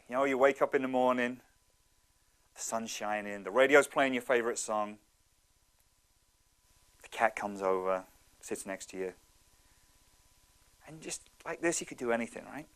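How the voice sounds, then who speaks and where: A man in his thirties giving a motivational talk, telling stories in an animated, conversational way. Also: medium pitch, normal speed, pauses often. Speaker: speaker.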